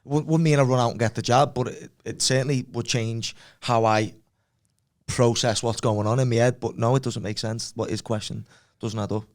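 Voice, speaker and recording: A man's voice: mid-range voice, steady tone, normal speed. Blunt male fighter, podcast guest, hammers his point home. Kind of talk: casual podcast debate.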